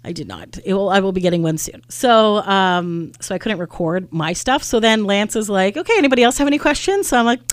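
A woman's voice: mid-range voice, lively intonation, moderate pace, few pauses, clean tone, no room sound, clean studio sound. A young woman, hosting a podcast and telling a story in casual chat, acting out what people said. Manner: chatty storyteller acting out quotes, lots of "like". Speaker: podcast host.

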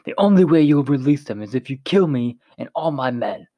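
A man reading a story, voicing a brawny, cruel male commander who talks in a loud, barking way. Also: mid-range voice, animated, fairly quick, dry recording, voice pushed up, natural voice. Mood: cold menace.

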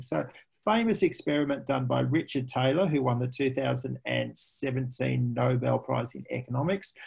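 A man being interviewed as a pricing expert, an animated storyteller who laughs often. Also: medium pitch, gravelly, breathy edge. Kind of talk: conversational interview.

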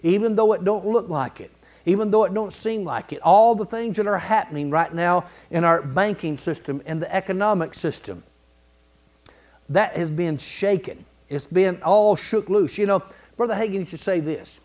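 A man preaching a sermon in a folksy, colloquial way, building to emphatic repeated phrases and clearing his throat now and then. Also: high-pitched, moderate pace, darkish tone. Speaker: pastor.

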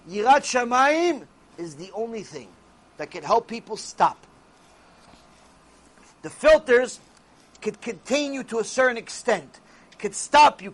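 A man's voice: high voice, a bit bright. A man giving a Torah lecture as a religious teacher, speaking emphatically and answering his own rhetorical questions.

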